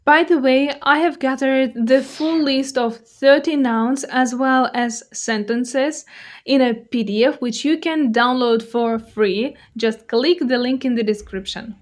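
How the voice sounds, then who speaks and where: A woman's voice: high-pitched, a little slow. A woman with a Russian accent, a native Russian speaker, teaching vocabulary in a patient way and repeating each word. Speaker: language teacher. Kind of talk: slow, clear vocabulary lesson.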